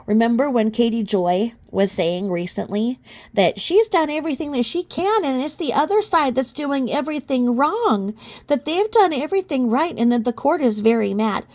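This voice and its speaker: A woman's voice: high voice, animated, normal speed, darkish tone. A woman commentator reading court filings aloud in a casual way, with sarcastic, mocking asides and sudden outbursts.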